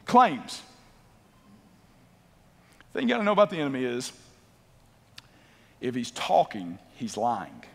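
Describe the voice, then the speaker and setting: A man preaching a sermon as a pastor, swinging from loud emphatic bursts to low quiet passages and repeating words as he builds a point. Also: wildly swooping pitch, moderate pace, vocal fry, pauses often. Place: church auditorium. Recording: long hall reverb.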